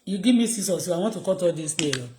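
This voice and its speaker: A woman's voice: fairly low pitch, animated, quick pace, heavy background noise. A woman with a Nigerian Yoruba accent, chatting casually on a live stream and switching between English and Yoruba with chuckling asides. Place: home in Canada.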